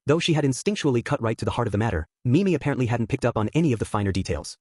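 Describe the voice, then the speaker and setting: Fast husky male audiobook narrator. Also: medium pitch, animated, darkish tone, dry recording, studio quality. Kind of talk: scripted narration.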